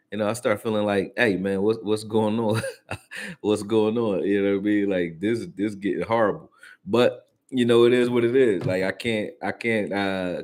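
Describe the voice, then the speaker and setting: A man hosting a casual sports reaction stream, talking loosely in slang and answering his viewers as he goes. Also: lowish voice. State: hiccups. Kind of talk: casual live-stream commentary.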